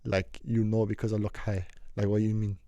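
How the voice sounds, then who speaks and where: A young man in a storytime vlog, talking loosely and full of slang as he wanders and doubles back through his tale. His voice is dark and mellow, and the sound is dry and close. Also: on the low side, little pitch movement, brisk, dry recording, highs cut off. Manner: slangy, meandering, repeats himself. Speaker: vlogger telling a story. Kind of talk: rambling casual storytime.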